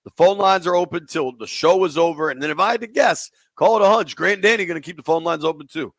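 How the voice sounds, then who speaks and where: A man's voice: fairly high pitch, fast, a bit bright, no room sound. A man hosting sports talk radio, taking listener calls in a casual, slangy way.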